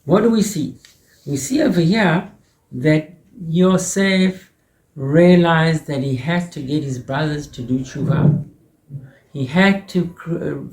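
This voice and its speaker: A male rabbi teaches a Torah lesson in a high-pitched, gravelly voice. He speaks in an animated way, often repeating words as he goes. The recording has a roomy echo. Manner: animated, repeats words, many Hebrew terms.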